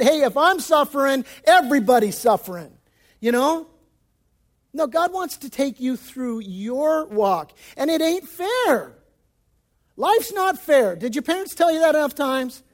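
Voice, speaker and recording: Preaching at a measured pace, a male pastor uses a very high, animated voice and an emphatic, folksy manner peppered with casual slang. His sermon shifts from loud stresses to hushed passages.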